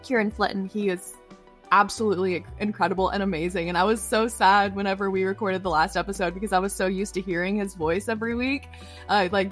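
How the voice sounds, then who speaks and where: Bubbly woman gushing about her work, lots of "like", faint music behind. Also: medium pitch. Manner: bubbly, gushing, heavy use of "like". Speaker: voice actress guest. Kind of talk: casual interview chat.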